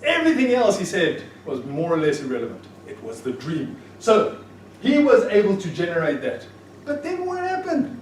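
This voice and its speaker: A man's voice: high voice, normal speed. A man giving a live motivational presentation to an audience, telling stories animatedly and acting out dialogue, recorded from a distance in an echoey room with faint noise. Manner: animated storyteller, acts out dialogue. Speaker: motivational speaker.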